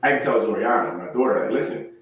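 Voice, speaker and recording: A man's voice: fairly low pitch, fast. A male podcast host chatting casually, laughing often and acting out little scenes with quoted lines. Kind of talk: casual chat. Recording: echoey room, far from mic.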